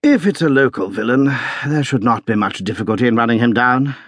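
A man voicing a shrewd detective who reasons aloud in a measured, wry, thoughtful way. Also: medium pitch, lively intonation, no room sound, studio quality, close to an everyday voice.

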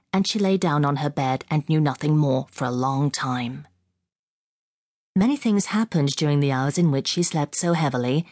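Woman audiobook narrator, low voice, measured storytelling, dry close studio sound. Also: darkish tone, dry recording. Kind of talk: scripted narration of a classic novel. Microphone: close studio mic.

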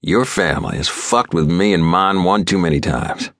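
A man's voice: deep voice, animated, normal speed, fairly bright tone, no echo. A man narrating an audiobook, playing a guarded, hot-tempered rancher who answers curtly and with a snarl. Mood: angry. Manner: curt, snarling. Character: tough rancher, guarded and quick to anger.

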